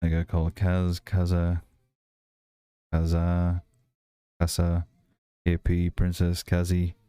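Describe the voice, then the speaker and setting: A man with a softened Irish accent, chatting casually and rambling as a livestream host. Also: deep voice, unhurried, smooth, dry recording. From Ireland. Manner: rambling, relaxed, many fillers and restarts. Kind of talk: casual chat while building and reading chat.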